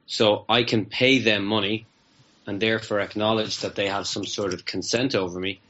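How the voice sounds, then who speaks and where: Low-voiced man in a lo-fi interview. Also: fairly even intonation, normal speed, bright, forceful tone. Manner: rambling, stammers and repeats words. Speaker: interview guest. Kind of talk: casual anecdotal storytelling.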